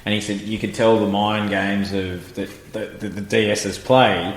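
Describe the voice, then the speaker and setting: Podcast host in an echoey room. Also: male voice, lowish voice, flat delivery, moderate pace. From Australia. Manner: asks long, rambling questions, recounts past guests. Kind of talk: casual podcast interview. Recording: echoey room with faint background noise.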